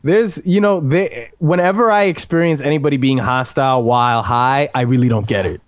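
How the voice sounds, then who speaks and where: A man's voice: medium pitch, brisk, no echo. A young man hosting a casual podcast chat, rambling and swearing, restarting his phrases. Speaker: podcast host.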